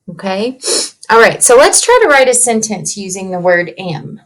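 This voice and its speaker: Her medium-pitched voice is expressive as she teaches a writing lesson to small children from her computer, picked up by its built-in mic. She patiently and slowly sounds out each letter and word.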